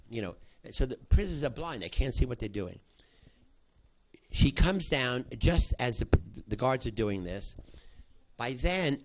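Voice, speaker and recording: An older man tells a story from his past work as a professor, his sentences breaking off and starting over as he goes. His voice sits at an ordinary middle pitch for a man. A faint hiss runs under the recording. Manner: halting, with many restarts, acting out quoted voices. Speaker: psychology professor recounting a past study. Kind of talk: spoken storytelling to an audience.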